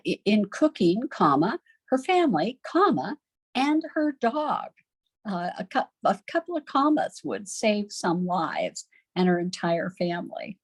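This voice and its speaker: Leading a recorded homeschool literature class, a chatty, lively middle-aged woman frequently quizzes her students. Her voice sits on the low side, and the recording has no echo.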